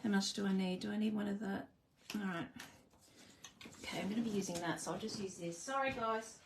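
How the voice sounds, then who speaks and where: Working through a casual live crafting demo, this host chats with viewers and jokes about herself as she makes cards. She talks briskly in a steady, mid-range voice over a noisy background.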